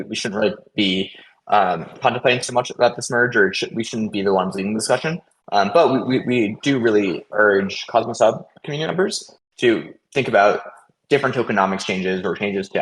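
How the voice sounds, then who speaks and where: A man giving a casual update on a community voice call, talking quickly with lots of fillers and restarts. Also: lowish voice, poor audio. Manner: hesitant, many fillers and restarts; fast, caffeinated talk. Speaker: protocol contributor hosting a community call.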